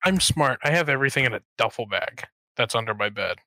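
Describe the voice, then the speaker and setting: A man in a casual podcast chat, cracking deadpan jokes and telling quick stories. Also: medium pitch, dry recording, rough recording. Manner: joking, deadpan quips.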